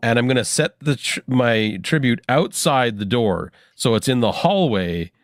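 Man, player at a tabletop game, mid-pitched voice, dry close sound, chatty. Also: expressive, unhurried, dry recording. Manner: chatty, laughs often.

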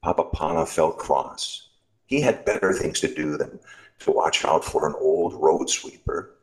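Storybook reader, male, very low gravelly voice, slow and lively in pitch, for a Christmas service. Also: poor audio. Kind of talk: reading a Christmas story aloud.

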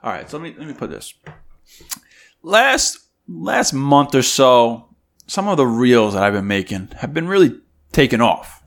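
Guy on a podcast just chatting, gets animated telling stories, does the other people's voices. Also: medium pitch, measured pace. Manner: animated, acts out quoted voices loudly. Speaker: podcast co-host. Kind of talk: casual storytelling chat.

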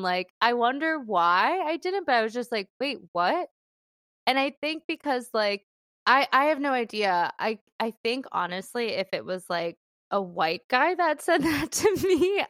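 Young woman, casual storyteller, smooth clear voice, close dry mic. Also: medium pitch, a bit bright, no room sound. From Philippines. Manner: chatty storytelling, lots of fillers and laughs. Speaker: guest telling a dating story. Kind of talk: casual chat.

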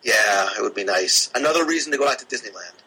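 A man's voice: lowish voice, animated, quick pace, sharp tone, breathy edge, low-quality recording. A man chatting casually as a podcast guest, thinking aloud with plenty of fillers from his own room. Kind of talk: casual chat. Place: his own room, away from the live audience.

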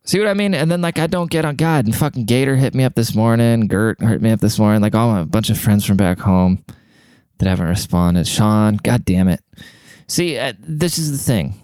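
Man in his thirties, deep low voice, dark mellow tone, quiet rambling vlog talk, smooth, dry close sound. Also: lively intonation, normal speed, no echo. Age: 30s. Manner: quiet, half-whispered, rambling and profane. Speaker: vlogger. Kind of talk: casual rambling monologue to camera.

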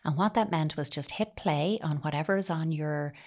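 A woman speaking as a parenting coach, giving calm, reassuring advice to parents. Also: low-pitched, normal speed. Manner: calm, reassuring, acts out child voices briefly. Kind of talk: advice talk.

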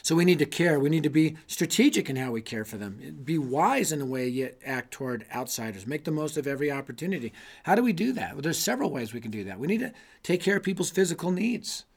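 A man's voice: fairly high pitch, animated, fast talker. Emphatic middle-aged man teaching ministry. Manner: emphatic, conversational, lots of 'man' and 'you know'. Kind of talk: energetic teaching talk.

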